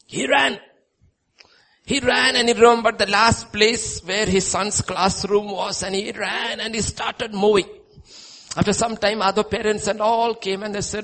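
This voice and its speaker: A male preacher delivering a sermon, telling stories and swinging between loud emphasis and hushed lines. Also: high voice, steady tone, normal speed.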